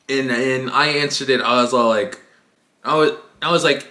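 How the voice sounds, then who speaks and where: Animated young man ranting, echoey room. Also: medium pitch, moderate pace. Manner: animated, profane, exaggerated. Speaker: YouTuber. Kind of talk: comedic storytime rant.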